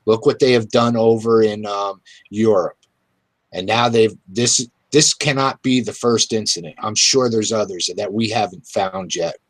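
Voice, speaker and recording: Slow, irritated male talk host. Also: lowish voice, no echo. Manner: irritated, halting, many fillers. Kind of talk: casual political talk.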